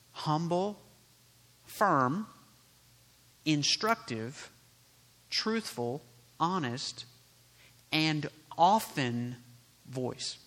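A man preaching a sermon as pastor, emphatic and full of rhetorical questions, swinging between loud and quiet. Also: fairly high pitch. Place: church sanctuary. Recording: long hall reverb.

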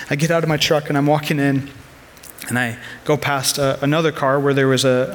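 A man's voice: fairly high pitch, fairly bright tone. A man in his thirties preaching a sermon as a pastor, earnest and conversational, weaving personal stories into his message.

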